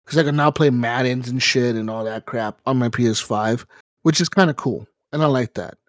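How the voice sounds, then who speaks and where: A man co-hosting a gaming podcast, ranting in a casual, profane and animated way. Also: mid-range voice, brisk, dry recording, clean studio sound. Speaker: podcast co-host. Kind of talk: casual chat.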